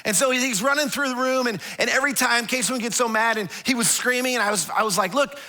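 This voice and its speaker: A man's voice: extremely high pitch, fast talker. A man preaching a sermon as a pastor. He talks conversationally, stumbling into restarts and repeated words, and animates his stories by acting out the quotes. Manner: animated storytelling with acted-out quotes.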